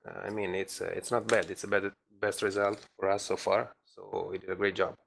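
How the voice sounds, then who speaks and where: Gravelly low-voiced driver. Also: male voice, little pitch movement, brisk, fairly bright tone. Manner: hesitant, many fillers and restarts. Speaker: race driver interviewed. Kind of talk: post-race interview.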